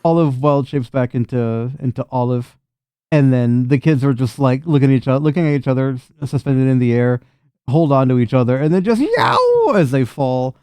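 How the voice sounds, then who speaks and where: A man runs a tabletop game in an average-pitched voice, recorded dry with little room sound. He keeps breaking into laughter and swears casually as he narrates the chaos. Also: fairly quick, smooth, dry recording. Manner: laughs often, swears freely, animated voices for scenes. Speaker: game master.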